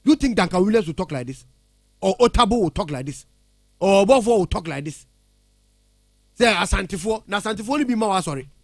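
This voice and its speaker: Indignant high-voiced Ghanaian man. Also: expressive, quick pace, pauses often, no echo, clean studio sound. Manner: indignant, blunt, mixing English with Twi. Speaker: radio entertainment pundit. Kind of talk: heated radio commentary. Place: radio studio. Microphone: studio mic.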